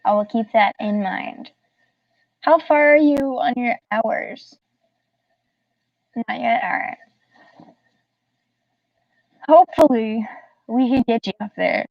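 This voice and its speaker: Woman from the South, casual streamer, giggles a lot, talks to chat, slightly high voice. Dry, muffled, distant mic. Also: takes it slowly, pauses often, no room sound. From Southern United States. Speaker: livestreamer.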